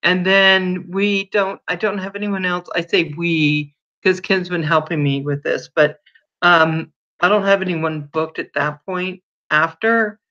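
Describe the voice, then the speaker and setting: A chatty woman hosts a casual livestream, greeting viewers by name and telling little stories. Her voice is bright and forward. The recording sounds dull and lo-fi. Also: fairly low pitch, steady tone, a little slow. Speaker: livestream host.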